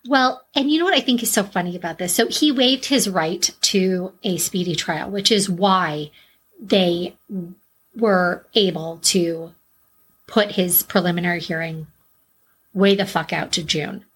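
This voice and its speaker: A woman's voice: lowish voice, unhurried, a bit bright, husky. A woman co-hosting a true-crime podcast, talking bluntly in casual chat and swearing freely. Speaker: podcast co-host.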